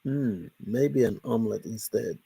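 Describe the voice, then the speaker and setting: A man with a gravelly, husky voice hosts a relaxed late-night livestream. He reads his viewers' comments out loud and answers them in a playful, unhurried way. The sound is close and dry. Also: on the low side, no room sound. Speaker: livestream host.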